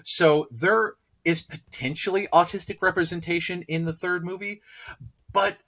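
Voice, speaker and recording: Podcast co-host, male, slightly high bright voice, enthusiastic, long run-on sentences. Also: fairly even intonation, normal speed. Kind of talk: casual podcast chat.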